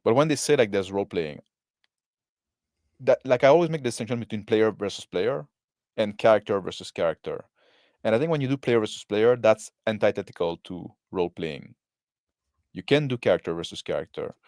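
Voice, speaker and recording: A man's voice: lowish voice, lively intonation, brisk, a little mellow, dry recording, studio quality. A man giving casual commentary on a video, rambling with lots of fillers and tag questions. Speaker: co-host reacting to a video.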